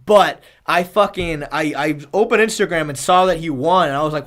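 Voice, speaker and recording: A man's voice: a little high, moderate pace, a bit bright. A man chatting casually on a live stream, rambling, swearing freely and thanking viewers.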